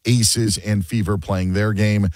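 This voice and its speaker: A man's voice: lowish voice, fairly even intonation, slow, darkish tone, dry recording. A man hosting a sports radio show, chatting casually and joking, often mimicking other people mid-story.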